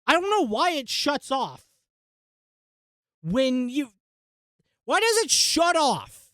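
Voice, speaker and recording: A woman hosting a casual tech vlog, talking through a software install and muttering to herself in exasperation, with frequent swearing. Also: high voice, very animated, slow pace, pauses often, no echo, clean studio sound. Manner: addresses viewers as folks and guys. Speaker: tech channel host.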